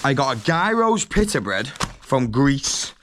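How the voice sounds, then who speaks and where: A young man, chatting excitedly to camera on a travel vlog, slangy and laughing often. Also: mid-range voice, measured pace, background noise. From England. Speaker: travel vlogger. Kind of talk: casual vlog chat to camera. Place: glamping site outdoors.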